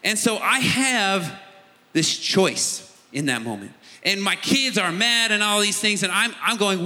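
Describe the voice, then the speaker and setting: A man's voice: on the high side, lively intonation, normal speed, pushed and bright. A middle-aged man preaching a sermon, telling a personal story in a conversational way. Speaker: pastor. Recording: long hall reverb.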